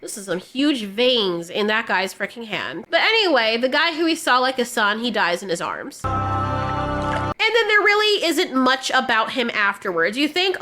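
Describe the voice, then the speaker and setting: A woman's voice: on the high side, sing-song, moderate pace, pushed and bright. A woman reviewing a TV show in casual commentary, ranting sarcastically with exasperation.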